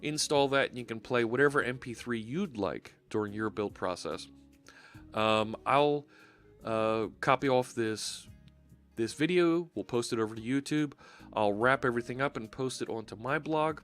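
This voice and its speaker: Man, live-coding streamer, casual chatty narration with fillers, mid pitch, faint music under. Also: moderate pace, a bit bright. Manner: chatty, thinking aloud with fillers.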